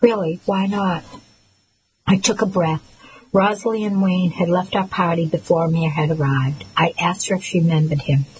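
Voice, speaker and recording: Low-voiced woman narrating a novel. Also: fairly even intonation, a little fast, darkish tone, a little hiss or hum, poor audio. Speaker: audiobook narrator. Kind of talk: scripted first-person narration.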